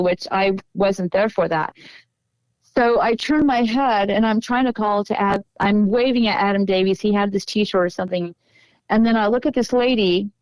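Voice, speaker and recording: A woman's voice: medium pitch, smooth, no echo, poor audio. A woman as a podcast guest, telling a personal story in an earnest, emotional way during a casual interview.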